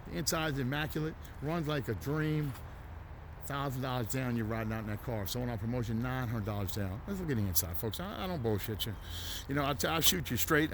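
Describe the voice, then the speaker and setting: A man, running a folksy, loud, hard-selling walkthrough of his used car lot outdoors. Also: medium pitch, noisy background. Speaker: used car dealership owner.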